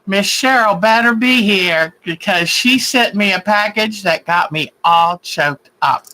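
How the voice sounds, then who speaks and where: A man chats casually with viewers as a quilting show host, gushing and effusive. His voice sits notably high and his pace is unhurried, with a bright, forceful edge. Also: rough recording. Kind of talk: casual live-stream chat.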